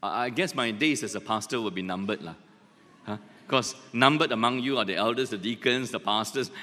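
A man's voice: lowish voice, brisk, sharp tone, in a large hall. A male pastor preaching a sermon, driving points home with repetition and dropping in jokes. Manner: emphatic, repeats points, joking asides.

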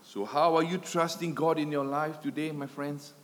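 A man's voice: a little high, flat delivery, moderate pace. A man preaching a sermon, swelling and dropping his volume with emphatic repetition, in a church hall. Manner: dramatic swells and drops in loudness, emphatic repetition. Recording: long hall reverb.

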